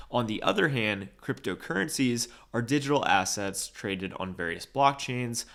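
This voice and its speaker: A man hosting a video and giving a scripted explainer in a measured, steady delivery. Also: on the low side.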